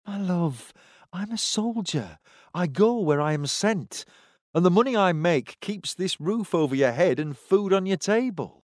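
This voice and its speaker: A man voicing a weary soldier husband who talks to his wife and daughter in a placating, gentle way. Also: high voice, lively intonation, unhurried, no echo, clean studio sound, voice pushed up.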